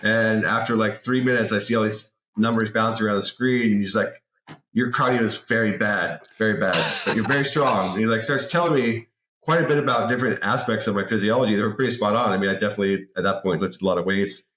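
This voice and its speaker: A man in his forties telling an anecdote as a podcast guest in a lively, casual way, often repeating words. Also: lowish voice, fast talker. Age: 40s. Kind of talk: casual interview storytelling. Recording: roomy echo.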